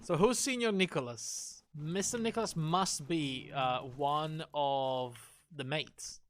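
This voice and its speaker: A man's voice: a little high, slow pace. A man streaming a game, thinking aloud through clues with wry, self-mocking jokes. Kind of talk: casual live gameplay commentary.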